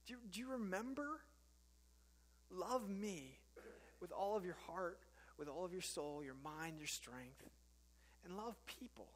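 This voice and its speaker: A man voicing God as a gentle, patient father, soft and reassuring. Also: high voice, lively intonation, unhurried, in a large hall, heavily acted.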